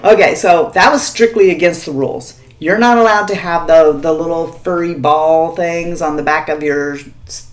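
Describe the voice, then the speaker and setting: A woman's voice: low-pitched, normal speed. A woman vlogger telling a story in casual chat, laughing often and checking in with the viewer.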